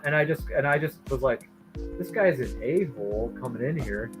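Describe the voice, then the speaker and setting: A man's voice: mid-range voice, fairly quick, faint music behind, poor audio. A man from Michigan telling stories casually on a live stream, acting out the voices of the people he quotes. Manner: animated, acts out quoted voices. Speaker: streamer and comic artist.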